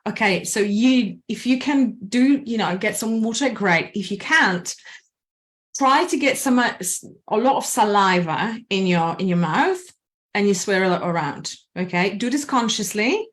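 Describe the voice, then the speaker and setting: Woman, anxiety coach, casual presentation, animated, slow breathing counts. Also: medium pitch. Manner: animated, acts out inner voices, slows for breathing counts.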